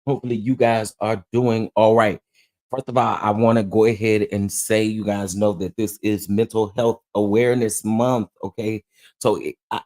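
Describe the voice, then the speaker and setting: A man's voice: fairly low pitch, a little mellow. Drawling man greeting live-stream viewers. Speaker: livestream host. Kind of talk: casual live-stream chat.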